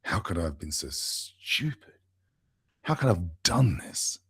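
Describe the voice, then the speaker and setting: A man's voice: low-pitched, very animated, unhurried, creaky, breathy edge, exaggerated voice. A man voicing a distraught, pleading mother in a story, repeating herself anxiously. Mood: upset, pleading. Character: distraught middle-aged mother, tearful and pleading.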